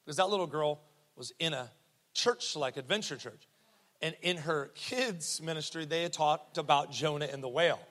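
A man's voice: a little high, moderate pace, fairly bright tone. A male pastor preaching an emphatic, joking sermon to a church congregation. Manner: emphatic, repetitive, jokey. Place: church sanctuary. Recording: reverberant church hall.

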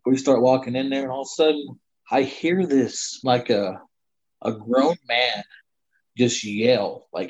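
A man's voice: mid-range voice, steady tone, a little slow. Man rambling through a hunting tale. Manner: rambling, many "you know" fillers. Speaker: guest storyteller. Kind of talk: casual spoken hunting story. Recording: slightly dull lo-fi sound.

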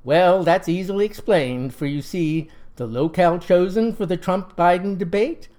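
Folksy deadpan Southern storyteller man. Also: sits high, normal speed. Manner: folksy, deadpan, mock-solemn. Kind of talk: comic folksy narration.

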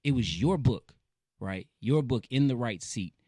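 A man hosting a radio talk show with boundless enthusiasm and a lively, swinging pitch. He repeats words for emphasis and laughs easily. His voice sounds close and dry, with no room around it. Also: measured pace, breathy edge, no room sound. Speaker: host.

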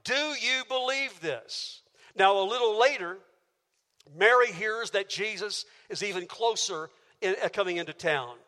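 High bright-voiced preacher in a reverberant hall. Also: male voice, moderate pace. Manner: emphatic, builds with rhetorical questions. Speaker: pastor. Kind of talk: sermon. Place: church auditorium.

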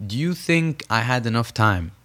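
A man's voice: medium pitch, animated, moderate pace, a bit bright. A young man from Saudi Arabia, a podcast guest telling his story in an earnest, emphatic way and repeating phrases for stress. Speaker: podcast guest, professional boxer.

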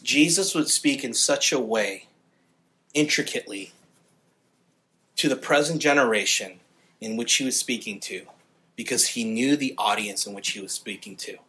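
A male pastor preaching a sermon with earnest passion, growing louder and more fervent on key points. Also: mid-range voice, moderate pace, pauses often.

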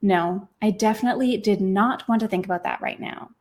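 A woman author and podcast host reading her own novel aloud with expressive, lively storytelling. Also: mid-range voice, a little fast.

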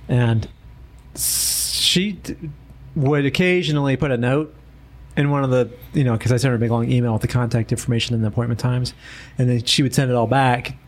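A man, co-hosting a casual podcast chat and acting out the voices of people in his stories. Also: mid-range voice. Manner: animated storyteller, acts out quoted voices. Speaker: co-host.

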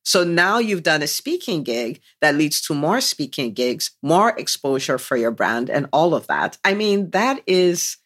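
A woman's voice: deep voice, big pitch swings, measured pace, hardly any pauses, a bit bright. A woman hosting a business podcast, enthusiastically unpacking and praising her guest's story in an interview chat. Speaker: podcast host and business coach.

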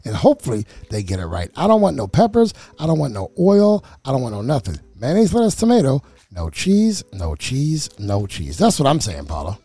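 A man's voice: mid-range voice, wildly swooping pitch, quick pace, few pauses, warm tone, breathy edge, dry recording. A man co-hosting a casual radio chat show, chatty and emphatic, who repeats himself for effect. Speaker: co-host.

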